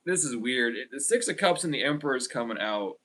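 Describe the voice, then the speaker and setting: Young male tarot reader, mid-pitched, blunt, profane, rambling delivery. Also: lively intonation, quick pace, fairly bright tone. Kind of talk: casual tarot reading.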